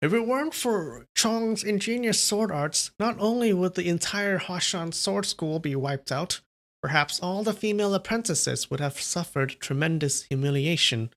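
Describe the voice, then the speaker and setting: Brief: man doing a high, gravelly voiced middle-aged lady, warm, from a storybook. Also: normal speed. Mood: warm, reassuring. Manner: raised falsetto-like woman's voice. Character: woman in her fifties, warm master's wife.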